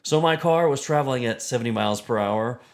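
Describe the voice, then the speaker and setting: A man's voice: mid-range voice, quick pace, lightly acted. A man doing an impression of a famous astrophysicist, lecturing a traffic cop through the math step by step. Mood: pedantic. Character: impression of a famous male astrophysicist, polite and pedantic.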